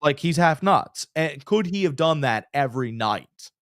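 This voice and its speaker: This man's voice sits on the high side and keeps a normal speed as he co-hosts a casual sports show. He's an energetic storyteller who acts out the quotes, and the studio sound is clean with no room sound.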